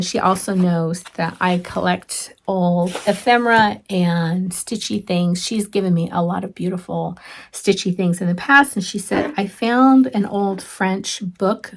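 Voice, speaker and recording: A woman vlogging from her crafting room at home, talking her viewers through stitching gifts at an unhurried pace. Her voice has a gravelly, fry-tinged edge. She gushes over each item and drifts into soft asides, with plenty of ums. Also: lowish voice. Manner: chatty, gushing, with frequent ums and soft asides. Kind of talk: casual show-and-tell chat.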